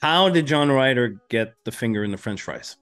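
Laid-back male host, mid-pitched voice, casual and swearing. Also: moderate pace, soft background music. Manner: relaxed, profane, enthusiastic about film. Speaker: podcast host. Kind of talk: casual podcast chat.

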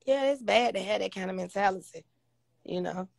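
Woman, livestream host, blunt and profane, gravelly voice, dry phone sound. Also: mid-range voice, brisk, darkish tone, dry recording. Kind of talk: casual livestream rant.

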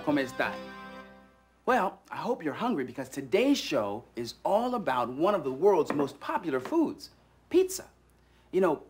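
Animated man hosting a kids' show. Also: on the high side. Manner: playful, talks straight to the viewer. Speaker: host. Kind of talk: children's TV presenting.

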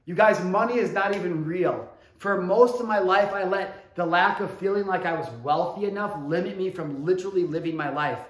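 Emphatic higher-voiced man, echoey room. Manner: emphatic, swings between hushed and loud, drawn-out words; swears casually. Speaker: motivational speaker. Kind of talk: motivational storytelling to an audience.

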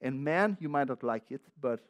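A man's voice: mid-range voice, lively intonation, normal speed. A man preaching a sermon as a pastor. He talks with heavy emphasis and repetition, often restarting his sentences, and mixes in personal asides with light laughter.

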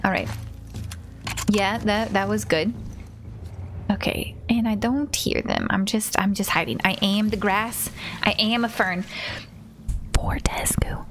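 Woman streamer, casual play-along chat, slow drawl, whispers when sneaking. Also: medium pitch, a bit bright, a little hiss or hum. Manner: chats with viewers, drops to whispers while sneaking. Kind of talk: casual let's-play commentary.

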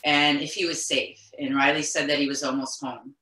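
Recorded in an echoey room, an interview guest, a middle-aged Québécoise and mother of the deceased, speaks at a moderate pace in a deep, pushed, bright voice with little pitch movement. Her emotional account is earnest and insistent, circling back often with restarted sentences.

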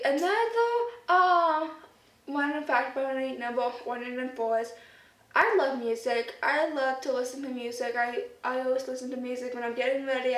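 A woman chatting casually to her camera as a vlogger, rambling with lots of fillers. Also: fairly high pitch. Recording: roomy echo, distant mic, faint noise.

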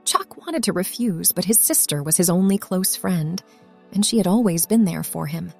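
A woman narrating a scripted story in an expressive reading voice. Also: fairly low pitch, normal speed, creaky. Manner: expressive, acts out the characters' lines. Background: faint background music.

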